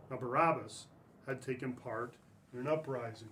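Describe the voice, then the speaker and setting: A man's voice: medium pitch, moderate pace, a bit bright, slight background noise. A man in a church reading scripture aloud and then talking through it in a casual, conversational way, often checking in with "right?". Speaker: church speaker.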